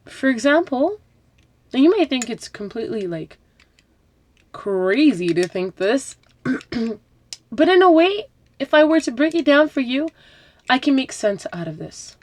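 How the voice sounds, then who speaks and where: A woman hosts a live Islamic talk broadcast from home, chatting about faith with asides and rhetorical questions while rustling noise comes from her packing up. Her voice sits high and is very animated, with a measured pace and frequent pauses.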